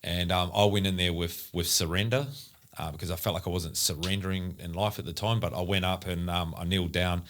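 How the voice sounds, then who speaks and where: A man with a very deep voice talks casually on a podcast. His story wanders, broken up by restarts, fillers and blunt swearing. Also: little pitch movement, brisk, fairly bright tone.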